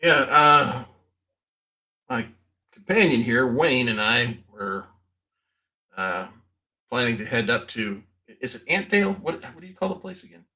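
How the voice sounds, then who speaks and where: A man's voice: medium pitch, lively intonation, unhurried, long pauses, pushed and bright, low-quality recording. A man playing a tabletop game, speaking hesitantly with lots of fillers. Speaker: player.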